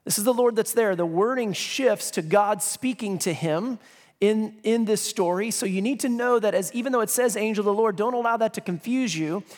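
A man's voice: high-pitched, moderate pace. A male pastor preaching a sermon in a conversational way, reading scripture with emphasis and dropping joking asides. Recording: long reverb of a large hall.

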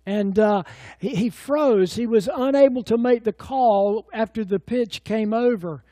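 A middle-aged pastor preaches with a high, mellow voice. He tells stories in a folksy, rambling way, full of fillers and restarts. The sound is close and dry. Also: unhurried, no room sound. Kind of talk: sermon.

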